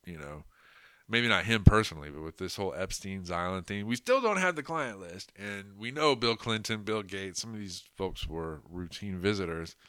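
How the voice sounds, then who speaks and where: A man's voice: low voice, animated, moderate pace, a bit bright, clear, resonant tone, no echo, clean studio sound. A man hosting a podcast, talking in a rambling, crude, mocking way with lots of fillers. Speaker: podcast host. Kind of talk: casual political commentary.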